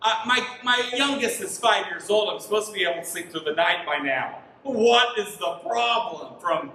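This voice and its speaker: A man in his thirties delivers a sermon with lively, animated storytelling, his high voice bright and ringing. He sounds worn out from lack of sleep. The mic sits back from him in an echoey church room with a faint hum of ambience. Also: moderate pace, recorded from a distance. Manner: animated storytelling, rising to near-shouts in frustration. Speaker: pastor. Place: church sanctuary.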